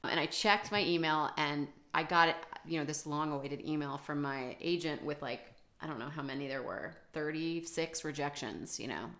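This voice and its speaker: A woman with a deep, low voice chats about her writing life in a relaxed podcast conversation. She talks loosely and self-deprecatingly, full of fillers and restarts. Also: moderate pace, few pauses. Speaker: author guest.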